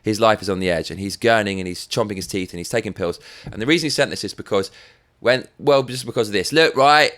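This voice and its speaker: A man's voice: fairly low pitch, fast, fairly bright tone. Sweary English man ranting. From England. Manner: sweary and sarcastic. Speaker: show host. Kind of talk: ranting commentary.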